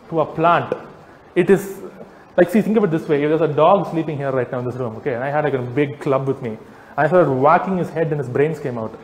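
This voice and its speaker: A man giving a persuasive talk to a live audience, animated and teasing, peppering them with rhetorical questions. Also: on the high side. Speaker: speaker addressing a live audience. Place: large hall with audience. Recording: echoey hall, faint background noise.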